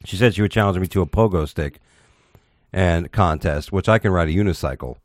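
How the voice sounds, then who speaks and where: A man's voice: low-pitched, brisk, dry recording, studio quality. A man hosting a casual talk show, reading odd news stories aloud and giving blunt, profane opinions with stumbles.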